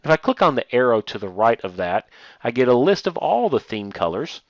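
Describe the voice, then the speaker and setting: A male instructor walking through a software tutorial step by step, plainly explaining with occasional fillers. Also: mid-range voice, big pitch swings, brisk, no echo, dull audio.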